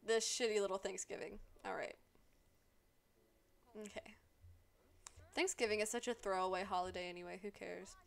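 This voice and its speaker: A woman's voice: mid-range voice, steady tone, normal speed, vocal fry, pauses often. A woman streamer chatting casually as she plays a life-sim game, sarcastic and swearing freely as she scolds the characters aloud.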